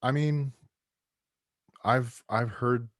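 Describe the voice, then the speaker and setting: A man's voice: mid-range voice, steady tone, very slow, fairly bright tone, dry recording, clean studio sound. A man who co-wrote a book, talking about it casually on a podcast with many restarts. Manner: rambling, with many restarts and "you know". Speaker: book co-author and guest.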